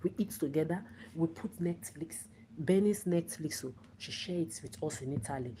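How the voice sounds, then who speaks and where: A woman's voice: low-pitched, moderate pace, mellow, slight background noise, poor audio. A woman ranting on a livestream, profane, repetitive and confrontational. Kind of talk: angry livestream rant.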